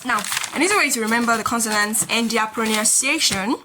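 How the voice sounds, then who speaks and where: A woman teaching a beginner language lesson, patiently repeating each sound slowly as she writes. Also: a little high, noisy background. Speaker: Korean teacher.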